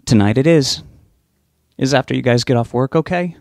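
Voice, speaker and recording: A man reading an audiobook, voicing a blunt, protective young woman friend with a sharp, sarcastic edge. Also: mid-range voice, moderate pace, no echo, studio quality, lightly acted. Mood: resigned. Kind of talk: audiobook character voice.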